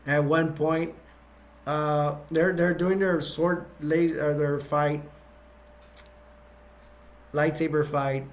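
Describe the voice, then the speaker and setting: A man's voice: on the high side, flat delivery, slow, pauses often. A man casually retelling movie scenes scene by scene, rambling and restarting as he goes. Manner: rambling, full of fillers and restarts. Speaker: movie reviewer.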